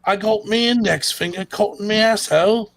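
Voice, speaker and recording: An American man voicing a crude, cheeky British bloke in a high, mocking put-on accent. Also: moderate pace, gravelly. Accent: mock British. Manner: mocking parody.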